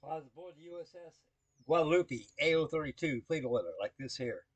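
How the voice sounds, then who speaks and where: A man's voice: a little high, lively intonation, fairly quick, no room sound. An older man, a navy veteran, rambling through a spoken story to the camera with folksy, salty talk full of shipboard jargon.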